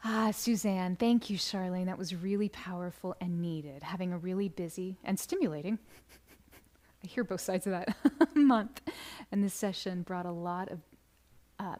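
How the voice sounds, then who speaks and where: Hosting a gentle, affirming live stream, a woman reads viewer comments aloud at normal speed in a soft, lowish voice that often drops to a whisper. She breaks into bursts of laughter and sings birthday greetings.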